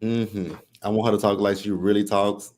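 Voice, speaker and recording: A man with a fairly low voice chats casually as co-host of a live review show. He sounds relaxed and restarts his sentences as he thinks. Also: moderate pace.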